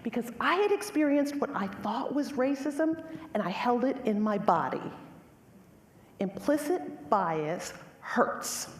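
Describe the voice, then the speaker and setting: A middle-aged woman giving a lecture, telling a personal story in an animated, emphatic way and speaking directly to the audience. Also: fairly high pitch, takes it slowly. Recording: echoey hall with faint ambience.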